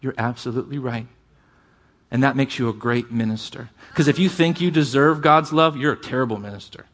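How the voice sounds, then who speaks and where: A man preaching a sermon as a pastor, with impassioned delivery, conversational asides and scripture read aloud with drawn-out emphasis. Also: mid-range voice, fairly bright tone.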